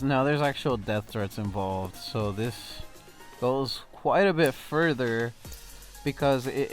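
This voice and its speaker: A man in his twenties chatting casually, reasoning earnestly and agreeing along. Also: medium pitch. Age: 20s. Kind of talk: casual chat.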